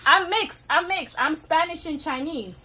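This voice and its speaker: A young woman from New York, loud and bubbly, teasing strangers on a video chat. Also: sits high, normal speed, very noisy. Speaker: YouTuber co-host. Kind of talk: casual prank video chat.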